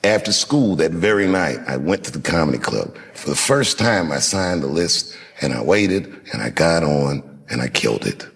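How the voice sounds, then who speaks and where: A man in his fifties from Washington, D.C., telling a reflective story to an audience in a measured, unhurried way with dramatic pauses. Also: very deep voice, very animated, gravelly, a bit bright. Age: 50s. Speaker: comedian.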